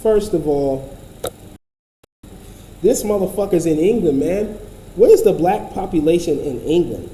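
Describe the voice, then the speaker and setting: A man's voice: fairly high pitch, lively intonation, measured pace, pauses often, dark tone, echoey room, a little hiss or hum, poor audio. A man giving casual commentary, profane, blunt and rambling.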